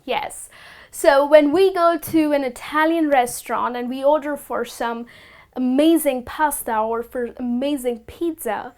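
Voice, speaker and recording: A woman teaching the correct pronunciation of food words, speaking slowly and deliberately and repeating each word with care. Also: sits high. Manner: instructive, slow and deliberate, repeats words carefully. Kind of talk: scripted lesson to camera.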